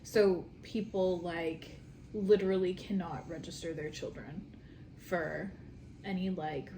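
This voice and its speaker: A woman's voice: lowish voice, steady tone, takes it slowly, dark tone, a little hiss or hum. A woman co-hosting a casual podcast, talking about her daughter with lots of "like" fillers. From Canada. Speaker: podcast co-host. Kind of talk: casual chat.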